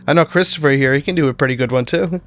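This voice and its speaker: A man's voice: mid-range voice, racing, a bit bright, slight background noise. A man hosting a podcast, asking questions in an enthusiastic, casual way. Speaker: podcast host. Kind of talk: casual interview chat.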